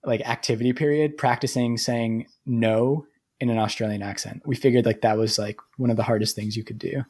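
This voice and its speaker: A man's voice: mid-range voice, steady tone, fairly quick, a little mellow. A man from New Hampshire, co-hosting a podcast in easygoing chat, laughing often. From New Hampshire, USA. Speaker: podcast co-host. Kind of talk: casual chat.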